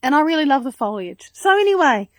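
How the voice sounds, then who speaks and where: Woman host, higher voice, chatty garden tour on a live stream, dry close sound, outdoors on a phone. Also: sing-song, brisk, no room sound. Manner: chatty, rambling and enthusiastic. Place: outdoors in her front garden.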